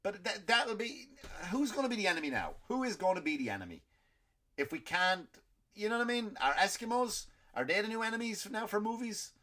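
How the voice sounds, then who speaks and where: Irish man, comedy podcast host, ranting stand-up delivery, loud bursts then low mutters, stumbling restarts. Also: very animated, a little fast. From Ireland. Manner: ranting, swearing, many restarts and repeated words; swings between loud outbursts and low mutters. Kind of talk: stand-up style rant.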